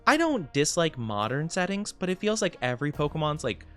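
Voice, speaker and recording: This man streams as a VTuber, his voice a little high and a little fast, with soft music playing behind him. He chats casually as he plays, reads chat out loud, rambles, laughs a lot, and lights up when greeting people.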